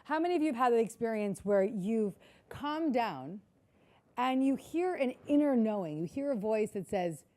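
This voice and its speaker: A woman's voice: a little high, lively intonation, normal speed, darkish tone. A woman giving a keynote talk to a live audience, earnest and repetitive, often asking the audience questions. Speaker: keynote speaker. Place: conference hall before a live audience.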